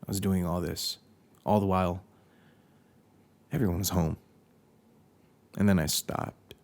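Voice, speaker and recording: Gravelly low-voiced man telling a confession. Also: fairly even intonation, measured pace, long pauses, darkish tone. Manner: candid, profane, confessional, with self-interruptions. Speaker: podcast host. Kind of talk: personal storytelling monologue.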